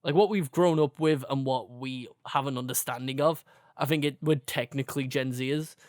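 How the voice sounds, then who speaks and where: A man's voice: mid-range voice, fairly even intonation, normal speed, darkish tone, no room sound, studio quality. A man, co-hosting a podcast in rambling, laid-back casual chat full of swearing. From England, near Liverpool. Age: 20s. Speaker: podcast co-host.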